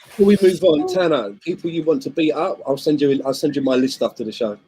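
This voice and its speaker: A man's voice: fairly high pitch, fast talker, mellow, breathy edge. A man co-hosting a casual podcast, teasing with dry humor. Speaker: podcast co-host.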